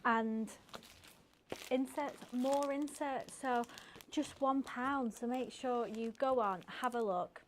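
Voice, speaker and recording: A woman's voice: on the high side, slow, a little hiss or hum. A woman presenting craft deals on shopping TV, gushing and upbeat. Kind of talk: enthusiastic sales chat. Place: TV craft studio.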